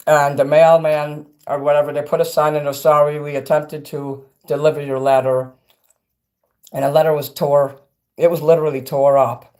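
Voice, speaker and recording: A middle-aged man livestreaming and reading chat, ranting angrily and profanely, swinging between loud outbursts and quiet asides. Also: fairly high pitch. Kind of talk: angry livestream rant.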